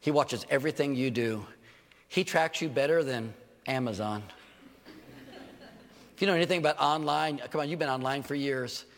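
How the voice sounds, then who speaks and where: An older man, a pastor delivering a sermon with animated, joking stories and acted asides. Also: medium pitch, moderate pace, long pauses, in a large hall.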